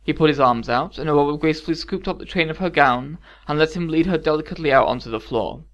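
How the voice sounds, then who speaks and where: A man narrating a fairy-tale story calmly with wry asides. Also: a little high, quick pace, lo-fi sound. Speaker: audiobook narrator. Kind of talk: scripted narration.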